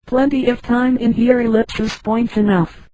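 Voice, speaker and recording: A computer-voiced woman reading the lines of a weary male ex-officer, in a flat delivery. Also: a little high, normal speed, no room sound, natural voice, poor audio.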